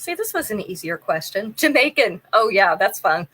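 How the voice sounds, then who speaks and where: A woman's voice: medium pitch, big pitch swings, normal speed, fairly bright tone, husky, rough recording. A woman hosting a live jewelry sale, chatting casually, describing pieces in detail and running a trivia game with viewers.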